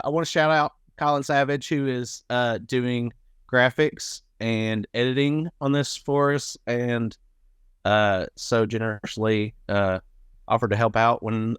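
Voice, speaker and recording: Smooth-voiced male podcast host. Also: mid-range voice, slow pace, dry recording, clean studio sound. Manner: relaxed, laughs often, many fillers. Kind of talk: casual chat.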